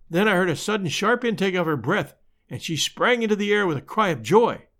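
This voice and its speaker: Expressive, high-voiced male narrator. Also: fairly quick. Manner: expressive, dramatic storytelling. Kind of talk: audiobook reading of a classic detective story.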